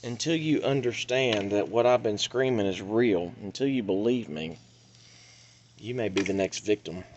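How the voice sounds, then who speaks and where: A man delivering an urgent, pleading monologue that swings between loud outbursts and hushed warnings. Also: lowish voice, normal speed, a little hiss or hum. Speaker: vlogger. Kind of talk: impassioned monologue.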